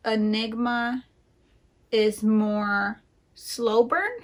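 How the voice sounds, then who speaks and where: A young woman co-hosting a book vlog, chatting casually in short, relaxed remarks. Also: a little high, very slow. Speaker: book vlogger co-host. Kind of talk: casual chat.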